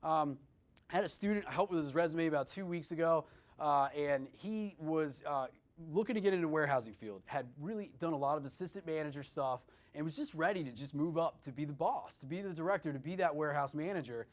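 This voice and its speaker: A man with a somewhat high voice coaching students on job interviews. He talks in an animated, conversational way, keeps calling the listeners "guys" and leans on "you know" as he goes. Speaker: career services presenter. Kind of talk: instructional talk to students.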